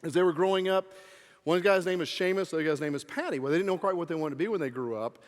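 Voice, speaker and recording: A man giving a motivational talk at a live event, telling a joke in an animated storytelling manner. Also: on the high side, very fast. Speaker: motivational speaker. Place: event hall. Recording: long reverb of an event hall.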